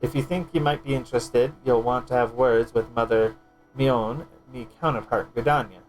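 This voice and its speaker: A man voicing a gruff, folksy male guildmaster, reading quest lines aloud in an old-fashioned dialect full of ye and lass. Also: mid-range voice, faint music behind, pitched below the performer's own voice, close to an everyday voice, rough recording. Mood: hearty. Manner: reading quest text aloud, a bit halting.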